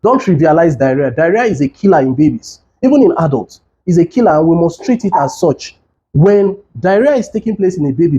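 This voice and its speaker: A man's voice: on the high side, mellow. A man, a doctor earnestly teaching caregivers with urgent, repeated warnings. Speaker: doctor giving health education. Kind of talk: instructional talk with demonstration.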